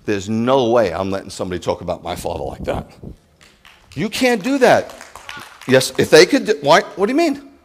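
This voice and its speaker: A male rabbi preaching a sermon to his congregation, impassioned, swinging from loud declarations to hushed asides. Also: mid-range voice, animated, moderate pace, in a large hall, slight background noise. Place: congregation sanctuary.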